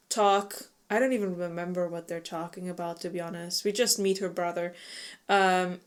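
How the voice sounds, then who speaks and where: Woman casually recapping a book. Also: mid-range voice. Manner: laughing, incredulous retelling. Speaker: book club co-host.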